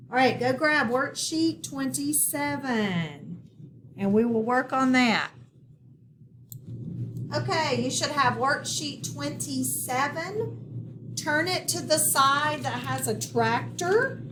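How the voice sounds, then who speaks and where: A woman teacher giving a step-by-step phonics lesson to children, speaking slowly and clearly. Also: high voice, a bit bright. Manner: slow, clear, step-by-step instruction. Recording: echoey room, far from the mic, noisy.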